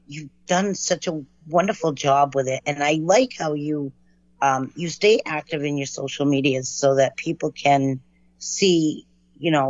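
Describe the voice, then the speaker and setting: A woman's voice: low-pitched, no room sound. A woman hosting an interview show, upbeat and encouraging toward her guest, on a dry, dull lo-fi recording. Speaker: show host. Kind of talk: casual interview chat.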